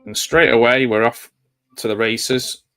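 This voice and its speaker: A man's voice: medium pitch, little pitch movement, unhurried, sharp tone, soft background music. A man giving a casual, rambling live commentary while watching a movie, drifting into nostalgic asides. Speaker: film commentator.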